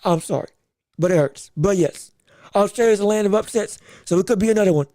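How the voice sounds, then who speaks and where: Fast and high-pitched with a mellow tone, a man delivers sports commentary as host of a boxing podcast livestream. When he gets worked up he grows emphatic and says things more than once. The sound is studio-grade, without echo.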